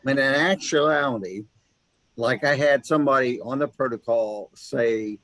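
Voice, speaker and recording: A man hosting an interview, chatting casually and telling stories with lively restarts and asides. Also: mid-range voice, a little slow, no echo, rough recording. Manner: animated storyteller, self-interrupting restarts. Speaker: host.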